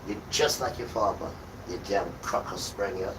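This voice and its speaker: A man's voice: lowish voice, normal speed. Scolding man, distant noisy mic. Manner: scolding, repetitive, hurls insults. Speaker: livestream host. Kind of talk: ranting sermon-like monologue. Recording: distant mic with loud background noise.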